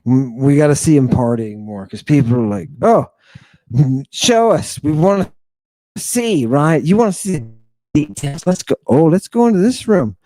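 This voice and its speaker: A man's voice: mid-range voice, lively intonation, a little fast, warm tone, no room sound. A man hosting an irreverent, theatrical lecture, mocking and talking straight to his audience. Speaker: host. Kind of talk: irreverent lecture on ancient texts.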